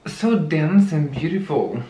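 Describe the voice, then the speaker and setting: A woman unboxes plants in an echoey room, talking very slowly and drawing out her words. Her low-ish voice swings widely in pitch as she gushes and exclaims over each one. Steady background noise sits under the recording. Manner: gushing, exclamatory, slow and drawn-out. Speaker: plant vlogger unboxing gifts. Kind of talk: casual unboxing vlog.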